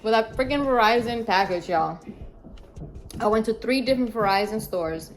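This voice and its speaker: A woman telling a story to her viewers in a casual vlog, animated and chatty, talking to her phone camera in an emptied apartment. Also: on the high side, moderate pace, soft background music. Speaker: vlogger. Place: apartment during a move. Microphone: phone camera propped up.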